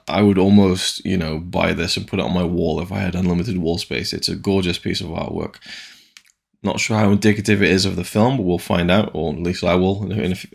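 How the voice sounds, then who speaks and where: A deep-voiced man with a gravelly, fry-tinged edge, chatting his way through new disc announcements as a channel host. He rambles and restarts often, stacking asides as he goes, and sounds keen about what he is presenting. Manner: enthusiastic. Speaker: physical media reviewer. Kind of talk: casual video rundown of new disc releases.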